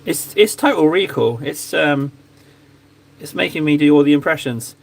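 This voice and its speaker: A man's voice: on the high side, animated, moderate pace, gravelly. A man casually chatting to his stream audience while painting miniatures, joking and mocking himself. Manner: joking, self-mocking, bantering with chat.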